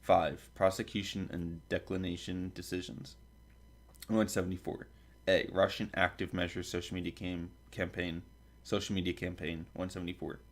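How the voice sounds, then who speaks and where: Deep-voiced man reading a list. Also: little pitch movement, normal speed. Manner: stumbles over foreign names and jokes aside. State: dry throat, coughing. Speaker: podcast host. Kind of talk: reading a table of contents aloud.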